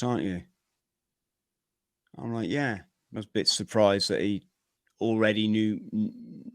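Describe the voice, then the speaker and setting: Lower-voiced man telling a gritty story. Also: no echo, clean studio sound. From Britain. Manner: vivid, energetic storytelling with slang. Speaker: podcast guest. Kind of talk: personal storytelling in an interview.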